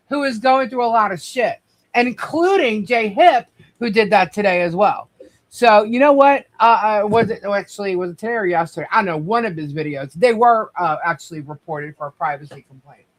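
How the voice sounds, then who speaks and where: A woman talking heatedly on a live stream. She is indignant and lists her complaints one after another, coming back to the same accusations. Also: on the high side. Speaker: guest on a live stream show.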